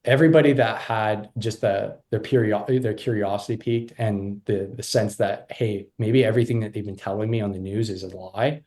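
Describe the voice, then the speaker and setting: Animated man, rambling guest. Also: fairly low pitch, normal speed, hardly any pauses. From Canada. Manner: animated and rambling, frequent restarts and laughs. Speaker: podcast guest. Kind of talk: casual interview chat.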